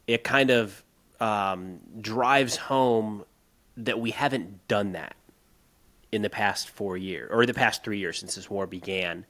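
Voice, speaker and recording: A man co-hosting a podcast, talking through politics casually and turning animated and emphatic as he rants. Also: lowish voice, slow. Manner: animated, rising to emphatic outbursts when ranting; conversational with frequent restarts. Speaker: podcast co-host.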